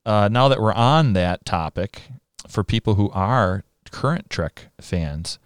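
A man's voice: lowish voice, animated, slow pace, clean tone, dry recording, studio quality. A man hosting a podcast, easygoing in casual interview chat. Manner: easygoing, laughs between remarks. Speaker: podcast host.

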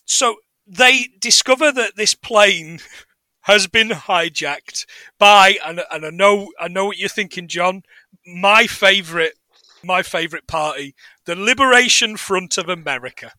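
A man co-hosting a film podcast, animated and jokey in casual chat. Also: high voice, measured pace, dry recording. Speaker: podcast co-host.

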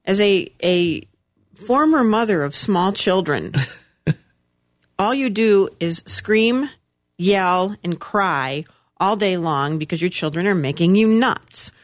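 Middle-aged woman co-host, wry and teasing, animated pitch, casual chat. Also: takes it slowly. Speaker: podcast co-host.

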